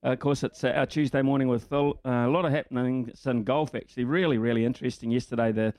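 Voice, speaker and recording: A man's voice: medium pitch, fairly even intonation, quick pace, a little mellow, no room sound. A man, a radio sports host talking casually with many hesitant fillers. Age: 60s.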